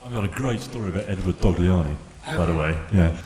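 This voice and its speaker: A man's voice: sits low, quick pace, crowd noise. A man on a convention panel telling a rambling anecdote at a fan Q&A, with frequent restarts. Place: large convention hall. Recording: echoey hall.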